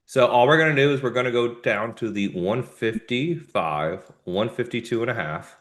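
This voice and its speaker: Medium in pitch and normal in speed, a male host of a live trading show offers laid-back market remarks. He delivers them animatedly in jumpy spurts, with abrupt emphatic moments and slang tossed in.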